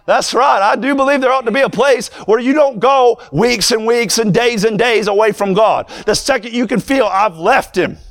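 A young man preaching a sermon, moving from plain talk to fervent, shouted preaching. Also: very high-pitched, normal speed, few pauses.

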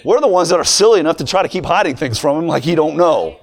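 Young guy preaching, high voice, gets loud and fired up. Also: animated, quick pace. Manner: builds from conversational to shouted, fervent preaching. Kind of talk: sermon.

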